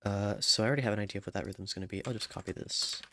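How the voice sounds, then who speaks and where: A man's voice: on the low side, fairly even intonation, racing, sharp tone. A man casually thinking aloud while composing music, mumbling, trailing off and half-singing lyric lines to himself. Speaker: music maker.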